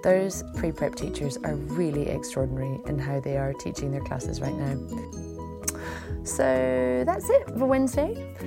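A woman hosting a school podcast, wrapping up in an upbeat, chatty way. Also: deep voice. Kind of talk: podcast sign-off. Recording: music behind the voice. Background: music.

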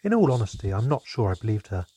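A man narrating a fantasy storybook in an expressive, measured way. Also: fairly low pitch, slightly rough.

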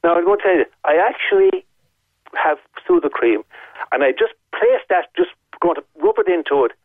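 Irish man, caller on a phone-in, fairly high voice, vivid and detailed storytelling, thin phone-line sound. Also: expressive, normal speed, dry recording. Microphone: telephone.

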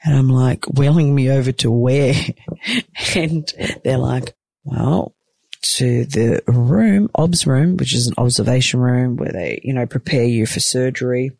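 A woman telling a personal story in a casual, animated way, acting out what everyone said and swearing freely. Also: very deep voice, measured pace, gravelly, dry recording. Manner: animated, acts out the other people's lines.

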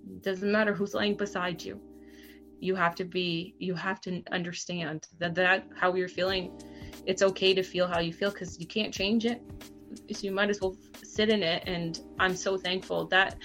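A woman in her thirties, a TV news host, telling a personal story candidly as a podcast guest, halting and restarting often. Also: lowish voice, level tone, fairly bright tone, faint music behind. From Canada.

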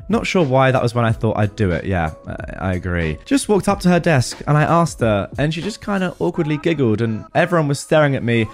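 A man reading reddit posts aloud and adding wry comments, with faint music behind him. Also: medium pitch. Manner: wry, animated commentary with frequent laughs. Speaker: reddit storytime host.

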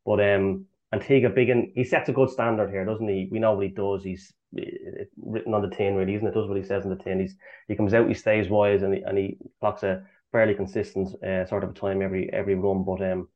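A man giving racing tips as a podcast guest, talking in a quick, rambling way with lots of ums. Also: sits low, little pitch movement. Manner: quick, rambling, full of um and restarts. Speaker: guest tipster. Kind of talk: casual chat. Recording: tinny phone line.

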